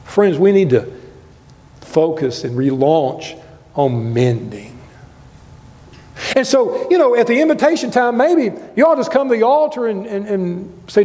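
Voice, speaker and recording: An older man preaching a sermon as a guest preacher in a church, impassioned, swinging between loud highs and quiet lows. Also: lively intonation, normal speed. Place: church sanctuary. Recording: long reverb of a church hall.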